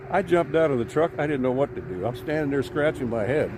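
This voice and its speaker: A man's voice: medium pitch, animated, moderate pace. A man telling a long story to his own camera at a boat launch, folksy and rambling with plenty of fillers. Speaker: widower vlogger. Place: outdoors at a boat launch by a creek. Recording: outdoor noise with traffic behind.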